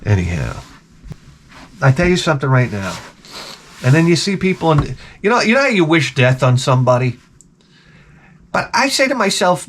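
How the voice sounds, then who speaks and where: Crude rambling man with big swings in pitch. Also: sing-song, moderate pace, pauses often. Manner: rambling and crude, with loud outbursts. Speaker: vlog host. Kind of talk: profane comic storytelling.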